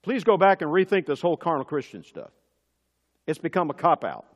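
A male pastor preaching with a lively, swinging delivery that climbs to forceful emphatic peaks. His voice sits a little high for a man. It rings with a long reverb in a church sanctuary. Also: fairly quick. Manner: emphatic preaching with sudden rises in pitch and force. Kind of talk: sermon.

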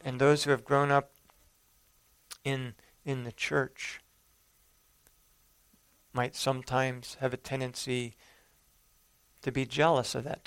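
A male preacher delivering a sermon, telling the story earnestly and swelling for emphasis before falling quiet. His voice is smooth and clear, and the sound is dry and close. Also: mid-range voice, no room sound. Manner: earnest storytelling, with rising emphasis and soft drops.

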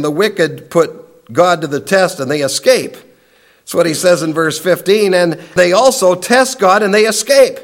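Man, preacher, high voice, emphatic sermon, rises and drops in volume. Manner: emphatic, swings from raised to hushed.

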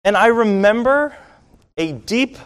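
A man from Rhode Island telling a personal story to an audience in a wry, self-deprecating, lively way. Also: sits high, slow, clear, resonant tone. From Rhode Island, USA.

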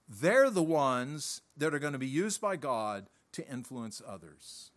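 A man preaching a sermon with emphatic repetition, who often clears his throat and whose voice rises and drops away. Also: medium pitch, sing-song. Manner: slow, deliberate delivery that swells and drops off.

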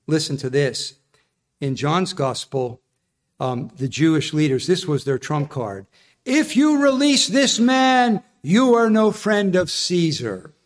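A male preacher delivering a sermon, earnest and emphatic. His voice sits a little higher than most men's. He explains each point with steady conviction.

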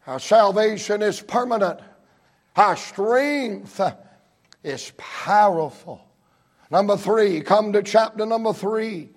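A man preaching a fervent sermon at a church service, with emphatic, repetitive cadences and bursts of shouting. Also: sits high, a little slow.

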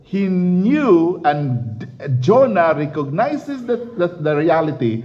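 A man's voice: fairly high pitch, very animated, takes it slowly, dark tone, muffled recording. A man preaching a sermon and reading scripture, emphatic and repetitive, often laughing.

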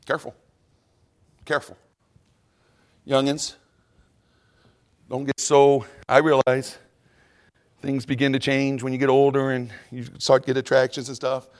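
A middle-aged man preaching a sermon in church. He talks animated, mimicking voices and dropping into quiet asides. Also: medium pitch, unhurried, pauses often. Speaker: pastor. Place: church sanctuary.

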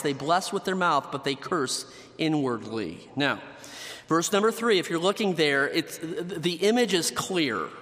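A man preaching a sermon earnestly, slowing down and dropping low for emphasis. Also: fairly bright tone, in a large hall. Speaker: pastor.

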